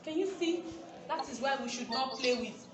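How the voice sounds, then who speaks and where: A woman teacher, giving an online safety lesson to young children, slow and emphatic, repeating her points. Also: high voice. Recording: very echoey room, faint noise.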